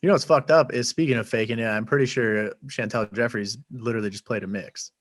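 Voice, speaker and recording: Laid-back, profane guest in a dry room. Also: male voice, medium pitch, fairly even intonation, quick pace, no room sound. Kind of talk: casual podcast chat.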